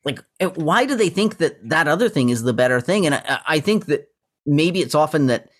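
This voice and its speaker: A man's voice: a little high, lively intonation, fairly quick. A man co-hosting a music podcast, talking casually and thinking aloud as he searches for his words. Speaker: podcast co-host. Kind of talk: casual chat about music.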